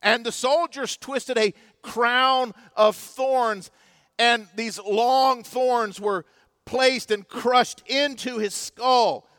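A man preaching a sermon with passion, swinging between loud emphasis and hushed, solemn moments. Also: very high voice, fairly even intonation, extremely slow, no room sound, clean studio sound. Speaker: pastor.

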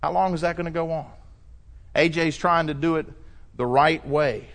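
A middle-aged man pastor delivering a sermon, preaching emphatically and rising to loud cries when he quotes scripture. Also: on the high side, steady tone, moderate pace.

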